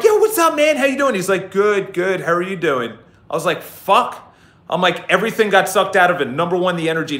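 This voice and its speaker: Man, blunt motivational vlogger with a high voice, recorded in an echoey empty office. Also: pushed and bright. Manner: blunt, swears freely, repeats phrases for emphasis. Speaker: real estate agency founder. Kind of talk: casual motivational vlog. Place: empty office near a busy city square.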